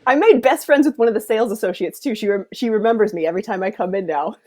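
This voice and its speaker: A woman's voice: medium pitch, fast talker, a little mellow. A woman guest sharing her story candidly on a video call, upbeat and laughing often. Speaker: guest client. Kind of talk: casual interview chat.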